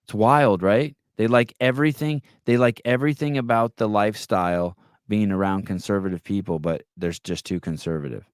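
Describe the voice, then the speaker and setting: A man hosting a podcast, chatting casually and telling stories with quick back-and-forth retorts. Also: lowish voice, smooth, no echo, clean studio sound. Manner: animated storyteller, quick retorts. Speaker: podcast host. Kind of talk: casual chat.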